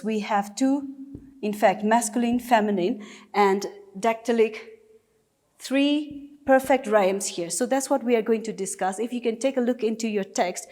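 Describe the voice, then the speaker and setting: A woman's voice: on the high side, darkish tone. A woman teacher from Nagaland with a Naga English accent, giving a recorded class lesson patiently and step by step with repeated examples. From Nagaland, India.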